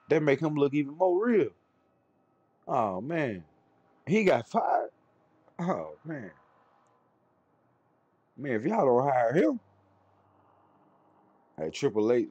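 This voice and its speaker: A man's voice: medium pitch, a little mellow, breathy edge, no room sound, highs cut off. A young adult man streaming a game live, chatting casually in a blunt, profane, joking way. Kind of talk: casual chat while gaming live.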